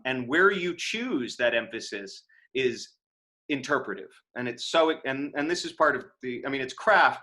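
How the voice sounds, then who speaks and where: A man's voice: mid-range voice, sharp tone. Casual American man teaching acting. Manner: casual, conversational, with frequent fillers and restarts. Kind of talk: lecture over a video call. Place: home room on a video call. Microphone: video call microphone.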